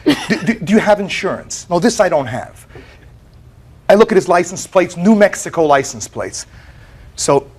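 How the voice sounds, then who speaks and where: American man, plaintiff testifying, lively storyteller, slightly higher voice. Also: moderate pace, pauses often, breathy edge. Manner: animated storytelling with repeated words and quoted voices. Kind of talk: courtroom testimony.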